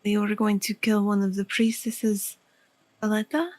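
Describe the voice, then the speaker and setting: A woman's voice: medium pitch, little pitch movement, normal speed, a little mellow. A woman player speaking in character in a tabletop game, earnest and thinking aloud as she pleads her case. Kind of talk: in-character tabletop role-play.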